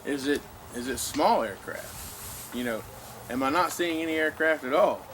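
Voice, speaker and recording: A man's voice: fairly high pitch, expressive, moderate pace, a bit bright. A man with a Southern US accent teaching land navigation to a class, folksy and full of questions to the room. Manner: folksy, asks the room questions, many "you know" and "okay". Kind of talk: informal classroom lecture. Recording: noisy room recording.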